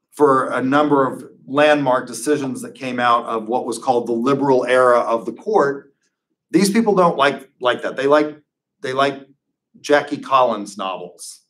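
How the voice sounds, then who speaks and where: A man giving a conversational classroom lecture as a professor, full of wry, digressive asides. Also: mid-range voice.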